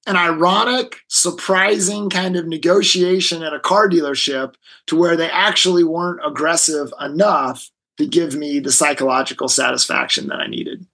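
A man with a husky, slightly high voice, speaking as a guest in an interview. He tells a story with energy and slips into the voices of the people in it. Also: normal speed, poor audio. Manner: animated storyteller acting out quoted voices. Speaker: guest, negotiation expert. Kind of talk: storytelling in a conversation.

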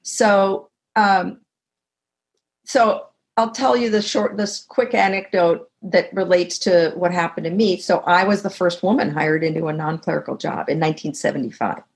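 A woman's voice: lowish voice, moderate pace. An older woman, a guest author and teacher, talking reflectively in an interview and telling anecdotes. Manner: reflective, tells anecdotes, animated when quoting others. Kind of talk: conversational interview. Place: video call.

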